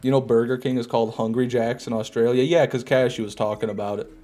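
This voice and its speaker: A man's voice: mid-range voice, fast talker. A man casually chatting and joking with his chat while he streams a game. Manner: relaxed, joking, repeats himself. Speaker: gaming streamer. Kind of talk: casual live commentary reading chat.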